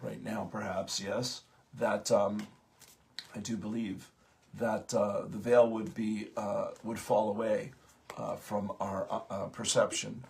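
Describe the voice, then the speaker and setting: A man hosting a morning spiritual talk, speaking haltingly with many pauses and fillers, just out of bed. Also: on the low side, little pitch movement, gravelly, a little mellow. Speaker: host of a morning spiritual program.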